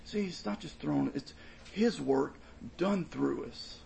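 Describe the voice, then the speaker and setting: Gravelly-voiced man preaching earnestly. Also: on the high side, slow pace, darkish tone, a little hiss or hum, poor audio. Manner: earnest expository preaching, emphatic and repetitive. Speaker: pastor. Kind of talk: sermon.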